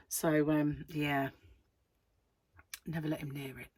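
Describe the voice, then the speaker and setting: A woman's voice: sits low, steady tone, unhurried, long pauses, darkish tone, husky, no echo. A middle-aged woman, chatting casually and rambling to camera as a crochet vlogger, laughing often.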